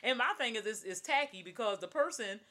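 A woman's voice: on the high side, lively intonation, fairly quick, bright, forceful tone. A woman co-hosting a casual talk show, giving her opinions bluntly. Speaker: podcast co-host. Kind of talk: casual banter.

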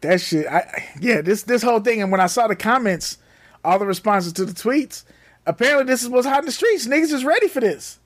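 A man in his thirties co-hosting a casual, crude podcast chat, animated and joking. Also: very high-pitched. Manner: animated, joking, quick rises into laughter. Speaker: podcast co-host.

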